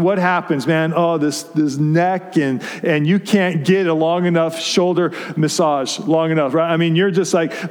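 A man's voice: high voice, darkish tone, big-room sound. A male pastor preaching a conversational sermon to his congregation, often restarting his phrases. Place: church sanctuary.

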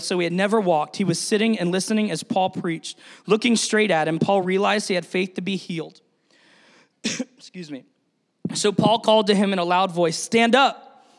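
A man preaches a sermon with a high voice and plenty of energy, stopping to put questions to his congregation. His voice carries a long reverb from the church hall around him. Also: fairly bright tone. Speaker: pastor.

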